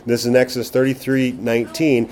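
Mellow-voiced man teaching a sermon. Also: mid-range voice, flat delivery, quick pace. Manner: conversational, frequent "okay?" check-ins, rhetorical questions. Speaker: pastor.

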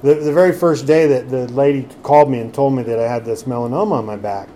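A man's voice: medium pitch, fast talker, dark tone, slight background noise. A man preaching a sermon in a conversational way, full of rhetorical questions. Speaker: pastor.

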